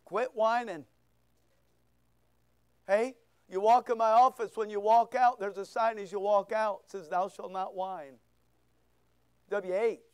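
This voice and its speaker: A male pastor preaching a sermon, firing rhetorical questions and sharp asides at his congregation. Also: sits high, steady tone, a little slow, pauses often, smooth, no echo. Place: church.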